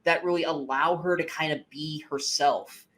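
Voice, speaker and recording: This young podcast co-host speaks at a normal speed in a bright, fairly high voice that stays steady in tone. He chats casually about films, giving emphatic, profane, no-nonsense takes.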